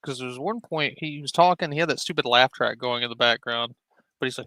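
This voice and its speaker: A man's voice: medium pitch, fairly quick, bright, forceful tone, no echo. A man hosting a stream, making casual dry jokes that mock the streamer he is watching. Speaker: host. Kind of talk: casual joking commentary.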